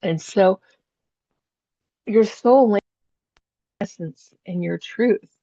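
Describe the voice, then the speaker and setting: A woman's voice: mid-range voice, extremely slow, warm tone, dry recording, muffled recording. A woman psychic teaching a spiritual class in a chatty storytelling way, laughing often.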